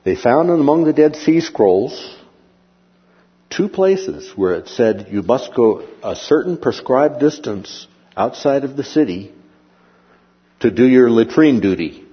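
A man giving a slide lecture on history, rambling with many pauses and fillers and asking and answering his own questions. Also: mid-range voice, very animated, slightly rough, in a large hall, highs cut off.

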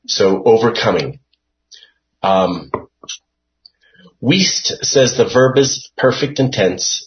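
A man leading a Bible study, reading scripture aloud and explaining it word by word in a hesitant way with many fillers. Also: fairly low pitch. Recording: dull lo-fi recording.

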